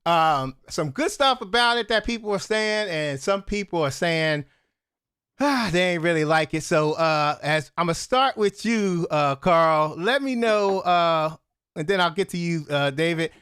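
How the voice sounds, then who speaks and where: Male host, high and bright, loud, laughs a lot, casual live show. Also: measured pace, clear, resonant tone. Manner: excitable, loud, laughs often.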